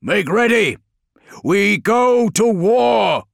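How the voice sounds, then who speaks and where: A man's voice: sits high, animated, very slow, creaky, no room sound, clean studio sound, pitched above the performer's own voice, full character voice. Grave male warlord for an audiobook, a man putting him on, commanding and brooding. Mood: rallying shout. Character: stern battle-weary male warlord commander.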